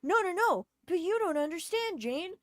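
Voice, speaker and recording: Woman doing a flustered male doctor, whiny, protesting, pitched up high, dry close sound. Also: very animated, normal speed, no room sound. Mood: defensive.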